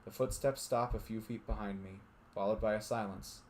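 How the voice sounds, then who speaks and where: A man's voice: on the low side, fairly even intonation, normal speed, a little hiss or hum. A man streaming with friends, reading visual novel narration aloud and chatting and laughing between passages. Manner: reads steadily, then laughs and banters. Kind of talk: narration read aloud, casual chat with friends.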